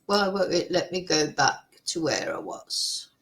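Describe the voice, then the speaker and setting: A woman's voice: deep voice, very animated, measured pace, gravelly, a bit bright, low-quality recording. A woman vlogger giving heated, indignant commentary, exclaiming in outrage. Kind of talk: angry ranting commentary.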